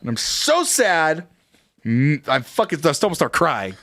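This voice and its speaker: A man's voice: on the high side, wildly swooping pitch, measured pace, a bit bright. A male podcast co-host, slightly tipsy, telling rambling, profane stories in casual chat on a close mic. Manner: rambling storyteller, swears freely.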